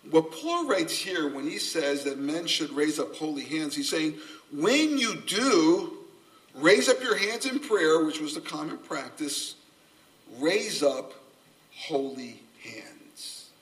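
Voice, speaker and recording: Earnest pastor preaching from afar. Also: male voice, on the high side, sing-song, slow. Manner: earnest, self-described subdued, gently humorous. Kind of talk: sermon. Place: church sanctuary. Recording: voice from a distance off the mic.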